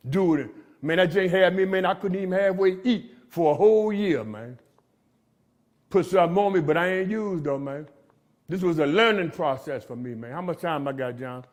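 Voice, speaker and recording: High-voiced streetwise man preaching recovery. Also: moderate pace. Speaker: recovery speaker. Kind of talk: testimony talk. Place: jail meeting room.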